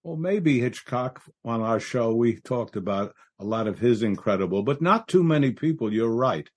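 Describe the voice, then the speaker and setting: A man's voice: medium pitch, animated, normal speed, a little mellow. A man co-hosting a classic film podcast, talking enthusiastically and laughing easily. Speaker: podcast co-host. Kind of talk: casual film discussion.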